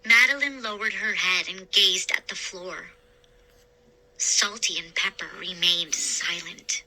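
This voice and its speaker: A woman narrating a spooky children's story aloud in a slow, expressive reading. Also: lowish voice, poor audio. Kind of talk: scary story read-aloud.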